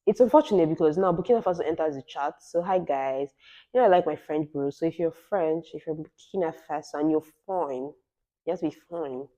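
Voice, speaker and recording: Chatty tipsy woman, lowish voice. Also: brisk, warm tone, muffled recording. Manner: chatty, rambling, many "like" fillers. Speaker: podcast co-host. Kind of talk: casual tipsy chat.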